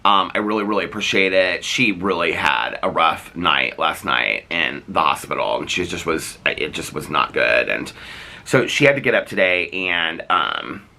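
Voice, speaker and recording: A man's voice: deep voice, expressive, moderate pace, gravelly, sharp tone. A man vlogging to camera in casual chat, rambling along with plenty of fillers and restarts. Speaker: daily vlogger.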